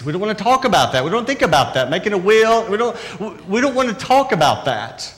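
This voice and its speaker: A man with a high voice preaches a sermon, talking to the congregation as if in conversation and pressing his points with repeated questions. The long reverb of a church hall hangs on every phrase. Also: sing-song, fast, few pauses, a bit bright. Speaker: pastor.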